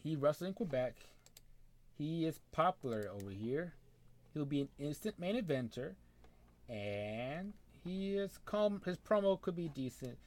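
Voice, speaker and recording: A man's voice: on the high side, expressive, moderate pace. A young man, casually thinking aloud and muttering as he plays a wrestling management game, talking to the characters on screen. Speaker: gameplay commentator. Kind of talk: casual let's-play commentary.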